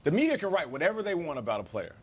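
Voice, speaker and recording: Ex player dude on a sports panel, bouncy pitch, talks fast and pushes back hard. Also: male voice, breathy edge. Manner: animated, argumentative, cuts in. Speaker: former player turned analyst. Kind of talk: studio sports debate.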